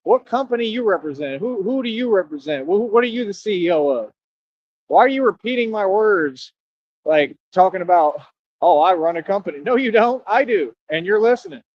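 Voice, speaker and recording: A young man with a high voice rants on a livestream, emphatic and combative, full of street slang. The sound is dull and lo-fi. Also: expressive, normal speed, no room sound. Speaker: streamer. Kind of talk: livestream rant. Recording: dull lo-fi audio.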